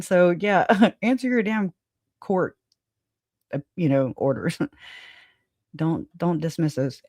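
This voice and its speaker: A woman's voice: fairly low pitch, darkish tone, dry recording, studio quality. A woman hosting a livestream in casual chat, rambling, laughing often and swearing casually. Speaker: livestream host.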